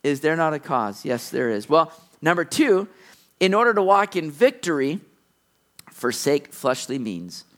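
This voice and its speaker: Male pastor, middle-aged, high voice, lively sermon delivery that acts out the characters' lines. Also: unhurried. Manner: animated preaching, acting out characters' lines.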